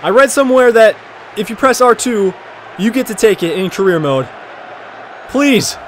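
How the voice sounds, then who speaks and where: A man giving casual, jokey commentary while playing a football video game, often shouting at the action. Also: high-pitched, animated, brisk, a little hiss or hum. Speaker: gaming commentator.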